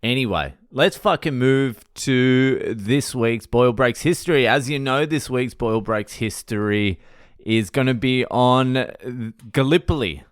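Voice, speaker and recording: A man's voice: medium pitch, unhurried, clear, resonant tone, no echo, studio quality. A man with an Australian accent hosting a casual podcast, rambling through a history story with constant swearing. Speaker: podcast host. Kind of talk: casual monologue.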